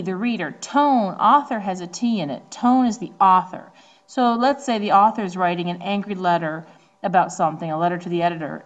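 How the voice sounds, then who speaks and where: A woman teacher from the Northeastern United States giving a casual recorded lecture, explaining terms with frequent ums and slowing down to stress key words. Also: mid-range voice, highs cut off.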